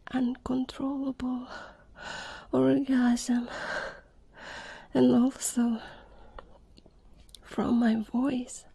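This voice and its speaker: Woman in slow whispered role-play. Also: sits high, gravelly, mellow, husky, no echo, rough recording. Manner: slow unvoiced whisper with long hesitant pauses. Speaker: audio performer.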